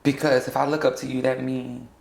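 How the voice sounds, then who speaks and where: A young trans woman from South Florida speaking in a candid sit-down interview, blunt and sassy and quick to laugh. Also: extremely low pitch, level tone, gravelly, darkish tone, echoey room. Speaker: interview guest.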